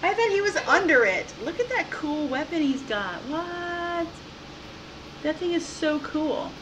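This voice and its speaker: A woman's voice: high voice, animated, a little slow, lo-fi sound, a crowd in the background. A woman casually commenting on her gameplay at home, giggly and playful, recorded through a laptop mic. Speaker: game streamer. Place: home room. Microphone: laptop mic, headphones on.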